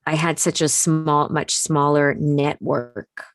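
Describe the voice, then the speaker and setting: Low-voiced woman chatting at home. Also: slow pace, no room sound, studio quality. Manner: relaxed, rambling, many fillers. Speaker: podcast guest, voice actor. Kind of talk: casual chat. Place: home, remote call.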